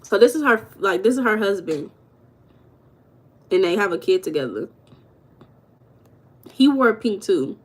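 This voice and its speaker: A woman's voice: mid-range voice, big pitch swings, a little slow, long pauses, breathy edge. A woman hosting a live stream, chatting casually with her viewers and laughing often. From United States. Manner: chatty, talks to chat viewers, calls them baby and girl; laughs often while talking.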